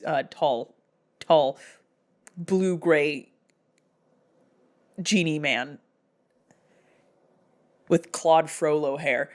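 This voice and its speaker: A woman hosting a casual movie recap, telling the plot in a lively way and acting out the characters. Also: low voice, slow pace, pauses often. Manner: animated storytelling that acts out characters. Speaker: film recap host.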